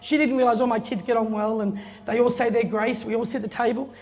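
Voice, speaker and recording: A woman's voice: on the high side, steady tone, quick pace, a little mellow. A middle-aged woman telling a chatty, laughing story to an audience, acting out the voices of the people in it. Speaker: guest speaker telling a story at an opening. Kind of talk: casual anecdotal speech. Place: event space. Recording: long reverb, faint room noise.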